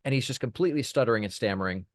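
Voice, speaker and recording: A man speaking as a podcast guest, his voice sitting in an ordinary middle pitch. The sound is dry and close with no room echo. He tells his story casually, stacking up restarts as he goes. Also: rapid-fire. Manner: animated anecdote teller, many restarts. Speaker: podcast guest, PR firm founder.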